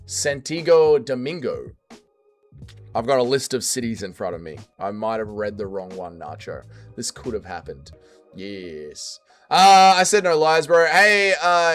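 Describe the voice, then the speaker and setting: On his livestream, a young Australian streamer chats casually and reads out viewer comments. He shifts back and forth from loud quips to low mutters.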